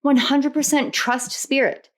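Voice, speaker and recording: A woman's voice: high-pitched, steady tone, a little slow. A woman reading tarot cards to camera, earnest and rambling, often repeating herself and laughing. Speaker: tarot reader.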